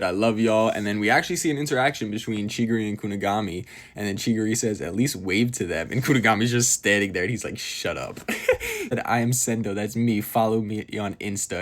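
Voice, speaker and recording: A man recapping a manga chapter in a casual, excited way, briefly reading out the characters' lines in quick little voices. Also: fairly low pitch. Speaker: manga reviewer.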